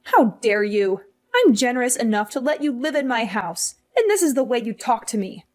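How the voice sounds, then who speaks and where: A woman's voice: a little high, very animated, moderate pace. A woman voicing a demanding, guilt-tripping older mother in a hospital bed, in a scripted story drama, with a scolding, condescending manner. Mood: indignant. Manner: scolding, condescending, self-pitying.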